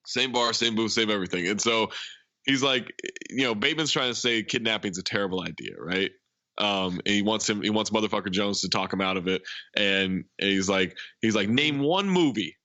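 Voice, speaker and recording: A man co-hosting a podcast, excitedly retelling movie jokes and laughing along. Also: on the low side, a little fast, dry recording, muffled recording. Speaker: podcast co-host. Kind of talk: casual movie recap chat.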